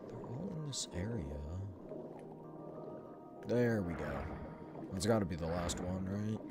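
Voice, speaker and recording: A man's voice: lowish voice, animated, measured pace, loud music behind the voice. A man streaming a game, giving casual running commentary and talking to his chat. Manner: chatty, self-mumbling, addresses chat.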